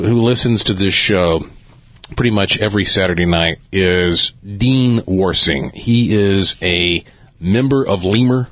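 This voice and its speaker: A man hosting a late-night radio talk show in a chatty, relaxed way, laughing often, talking into a studio microphone. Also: on the low side, no room sound, muffled recording.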